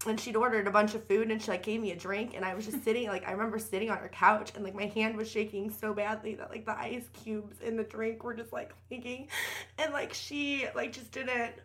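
A woman's voice: on the high side, steady tone, a little fast, fairly bright tone. A young woman on a podcast, telling a personal story candidly in casual chat, with lots of fillers and cursing. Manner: candid, profane, many fillers. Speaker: podcast guest.

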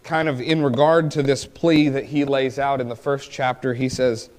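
A male preacher giving a sermon, rising to pleading cries and then dropping to quiet, reflective asides. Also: medium pitch, steady tone, moderate pace, hardly any pauses.

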